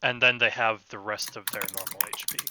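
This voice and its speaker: A man narrating as game master of a tabletop role-playing game, relaxed and hesitant, with many fillers. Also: lowish voice, a little fast, rough recording.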